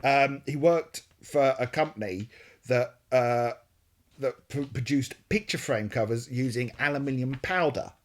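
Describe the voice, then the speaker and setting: Male co-host, mid-pitched, loose rambling delivery with jokes and self-corrections. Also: unhurried. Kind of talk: casual chat.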